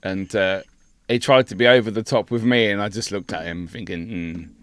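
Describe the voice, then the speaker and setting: A man's voice: lowish voice, moderate pace, a bit bright, smooth, no room sound. A man co-hosting a podcast in casual banter. He is blunt and sweary and laughs easily. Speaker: podcast co-host.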